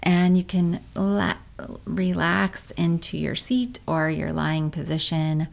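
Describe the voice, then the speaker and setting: A woman, around her thirties, gently guiding a meditation practice in a calm, unhurried way, at times drawing on her own life as a parent. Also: low voice, vocal fry. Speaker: meditation guide. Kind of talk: guided meditation.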